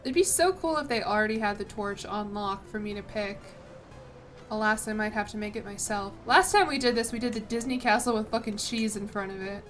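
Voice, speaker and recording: Brisk and a bit bright, a woman's medium-pitched voice carries over soft background music as she streams a strategy game. She reads the game text out loud, trips on words, curses, and makes chatty asides peppered with "like".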